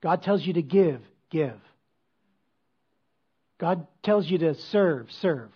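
A man with a husky, slightly high voice preaches a sermon from a church stage. He talks to the congregation in a conversational way, full of rhetorical questions and quick asides. The recording sounds dull and muffled. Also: animated. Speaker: pastor.

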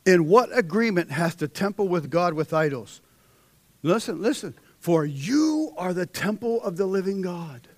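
A young man delivers a fervent sermon in a fairly high voice. He drops to a hush, then climbs into loud, ringing exhortation. The sound is dry and close. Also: lively intonation, measured pace, no echo. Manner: swings between hushed intensity and loud, rising exhortation. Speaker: preacher.

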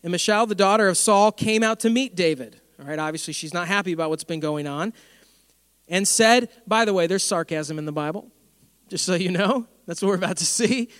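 A man preaching a sermon, telling stories with lively humor. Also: high-pitched, fairly quick, clear, resonant tone, no echo, clean studio sound, big-room sound. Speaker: pastor.

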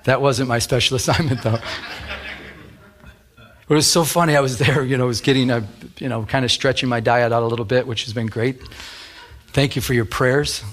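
A man's voice: medium pitch, steady tone, moderate pace, long pauses. A middle-aged man, a pastor, preaching a sermon in a conversational, storytelling way with many restarts.

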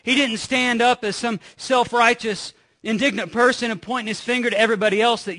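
A middle-aged man preaches a sermon to his congregation in a church, and his voice sits noticeably high. He keeps it conversational, telling a family story and tossing rhetorical questions to the pews. The tone is bright and forward. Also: a little fast, few pauses. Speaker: pastor. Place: church sanctuary.

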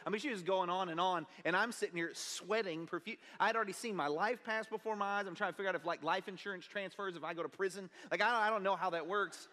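A pastor preaching a sermon, telling a personal story in an earnest, conversational way. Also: male voice, high-pitched, quick pace, few pauses, sharp tone. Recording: long reverb of a large hall.

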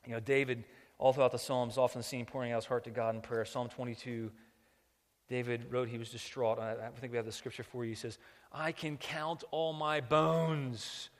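A man preaching a sermon as pastor, moving between quiet reflective passages and loud impassioned ones. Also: mid-range voice, flat delivery, fast talker, big-room sound.

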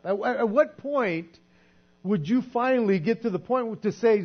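A man's voice: high voice, moderate pace. A man preaching a sermon in an earnest, conversational way, often repeating words as he goes. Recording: dull lo-fi recording with mains hum.

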